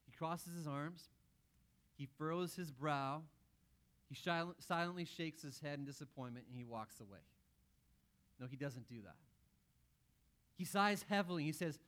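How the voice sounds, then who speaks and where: A man's voice: a little high, moderate pace, long pauses, a bit bright. Man preaching a playful sermon. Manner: conversational, playful asides, acts out quotes. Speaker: pastor.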